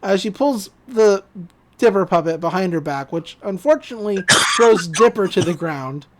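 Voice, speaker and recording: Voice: medium pitch, lively intonation, normal speed. A podcast host recapping a cartoon episode in casual chat, laughing often and acting out the characters' lines.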